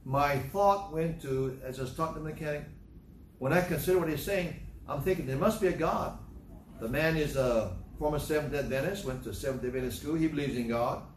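A man with a somewhat high voice lectures on consequences, piling up repeated phrases and dry sarcasm. He sounds set back from the mic in a roomy space. A faint hiss runs underneath. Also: fairly quick, recorded from a distance. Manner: repetitive, emphatic storytelling; sarcastic asides. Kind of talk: moralizing talk commentary.

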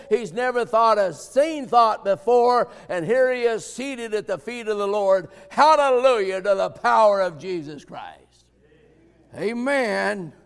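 Male preacher, high gravelly voice, folksy and emphatic, sermon in a reverberant church hall. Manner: folksy, emphatic, swings from quiet asides to shouted points.

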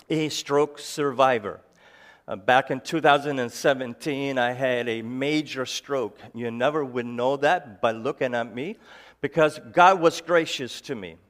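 A man speaks to a live audience in a mid-pitched voice. His speech is halting and slightly slurred, broken by fillers and restarts as he tells jokes and stories. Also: a bit bright. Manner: hesitant, with frequent restarts and fillers; jokey storytelling. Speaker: ministry founder giving a talk. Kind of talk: personal talk to a live audience.

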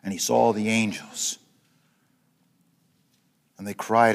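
A man preaching a sermon, rising to loud, high repetitions and dropping to soft, low passages, often restarting his phrases. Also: very animated, slow, creaky, long pauses. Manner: repeats words and restarts phrases.

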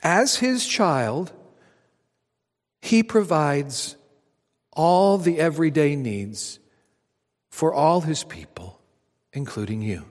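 A man preaching a sermon to a congregation, swinging between loud emphatic lines and hushed near-whispers. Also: fairly high pitch, animated, takes it slowly, pauses often. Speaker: pastor. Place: church auditorium. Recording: long hall reverb.

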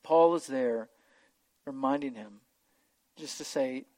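A man's voice: medium pitch, takes it slowly, a little mellow, no echo. A man preaching an expository sermon, earnest and emphatic, often repeating words as he goes.

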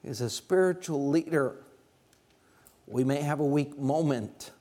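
A man preaching a sermon, with passionate surges that climb high and loud and then drop to slow, low emphasis.

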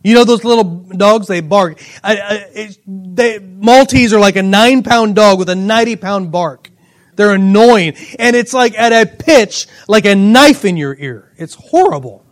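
A middle-aged pastor with a high-pitched voice preaches to his congregation. He tells personal stories in an animated way and breaks into laughter now and then. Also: measured pace.

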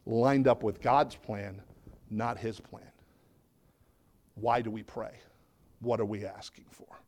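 A middle-aged man preaching a conversational sermon as pastor, dropping his voice low and quiet to drive points home.

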